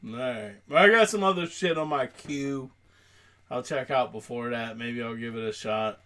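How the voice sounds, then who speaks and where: A man's voice: mid-range voice, moderate pace, pushed and bright. A man co-hosting a podcast, chatting casually in loose, profane banter and laughing often. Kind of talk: casual chat.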